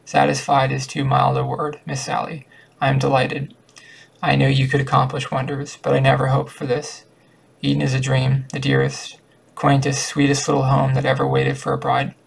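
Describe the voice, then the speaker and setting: A man's voice: mid-range voice, monotone, normal speed, creaky, rough recording. A man voicing an earnest, lovestruck young man in an audiobook reading, in a plain reading voice.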